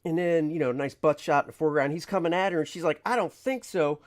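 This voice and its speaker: A man's voice: on the high side, fairly even intonation, quick pace. A man, a comic artist, chatting casually on a livestream, rambling, reading viewer questions aloud and acting out his panels. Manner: rambling, reads chat aloud, acts out panels.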